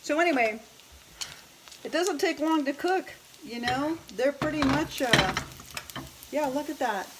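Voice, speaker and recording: Her voice is high with lively intonation, and she's unhurried, pausing often. A casual cooking vlog host in her fifties, she chats, thinks aloud, and laughs at herself in her home kitchen. The background is noisy, with a sizzling pan and clattering dishes.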